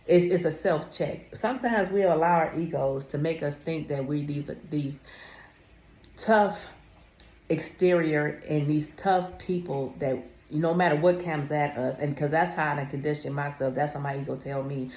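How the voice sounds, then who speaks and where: A woman's voice: low-pitched, fairly even intonation, normal speed, darkish tone, roomy sound. A woman vlogger talking casually and emphatically to her viewers, calling them honey. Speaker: wellness vlogger. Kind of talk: casual talk to camera.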